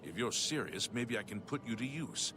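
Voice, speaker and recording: A man's voice: medium pitch, animated, normal speed, sharp tone, faint music behind. An actor playing a weary male guard captain in a video game, speaking grimly and urgently. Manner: grim, urgent.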